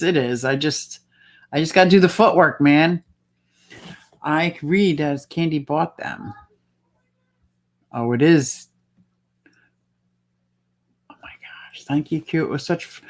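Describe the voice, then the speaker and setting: A woman hosting a casual livestream, chatting and reading out viewer comments. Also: low-pitched. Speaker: livestream host.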